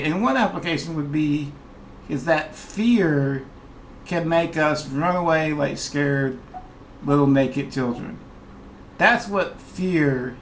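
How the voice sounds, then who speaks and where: A man gives a short devotional in a slow, unhurried delivery. His voice sits a little on the high side, and his manner is earnest and folksy. Faint noise hums under the recording. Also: a bit bright. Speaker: youth pastor.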